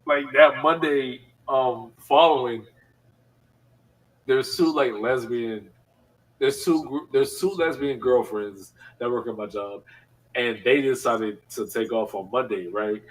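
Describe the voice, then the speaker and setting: A man's voice: mid-range voice, slow, pauses often, distant mic, rough recording. A man telling a work story in casual podcast chat, laughing often and filling his talk with slang and fillers. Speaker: podcast co-host.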